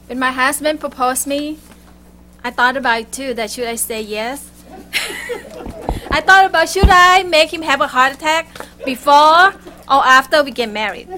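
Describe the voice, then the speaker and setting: A woman hosts a club meeting, chatting in halting phrases as she introduces the next speaker. Her voice is high and bright, her pace very slow, and faint noise sits behind her. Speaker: meeting host.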